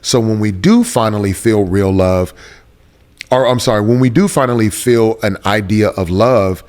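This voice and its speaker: Earnest low-voiced man telling his story. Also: moderate pace, darkish tone. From Houston, Texas. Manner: earnest, searching, repeats phrases for emphasis. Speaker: interview guest. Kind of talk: reflective personal storytelling.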